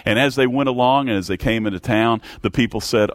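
A middle-aged man preaching a sermon as pastor, halting with many restarts and repeated words, asking his congregation questions. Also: mid-range voice, dry recording.

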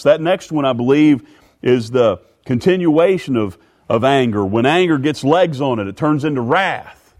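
A middle-aged man preaching a sermon in a folksy way, stumbling over repeated words and rising in pitch when reading scripture. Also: darkish tone. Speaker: pastor.

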